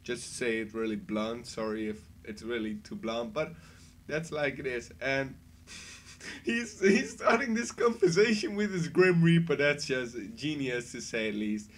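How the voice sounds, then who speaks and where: A man giving a casual spoken review, rambling and excitable, often laughing between his thoughts. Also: mid-range voice, unhurried, slight background noise. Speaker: anime reviewer.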